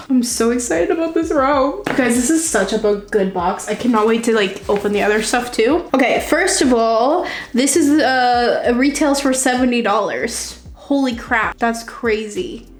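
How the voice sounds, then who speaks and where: A young woman chatting casually while unboxing, excitable and gushing, laughing often. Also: on the high side, measured pace, reverberant. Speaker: vlogger unboxing a subscription box. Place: home room, seated on a chair.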